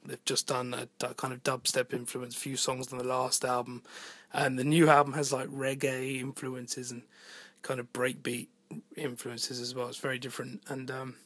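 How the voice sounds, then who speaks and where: A singer-songwriter talks through his album in a loose, rambling monologue, thinking aloud and letting the odd swear word slip. His voice sits at an ordinary middle pitch for a man. The recording is dry and close, with no room sound. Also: a bit bright, no echo. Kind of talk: casual spoken monologue about album production. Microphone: home voice recording.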